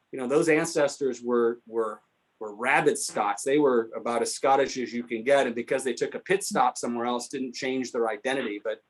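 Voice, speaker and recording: A man telling anecdotes at a history talk, answering a question and acting out the people he quotes. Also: medium pitch. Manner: animated, acts out quoted voices. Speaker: guest speaker on local history. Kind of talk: storytelling in a Q&A.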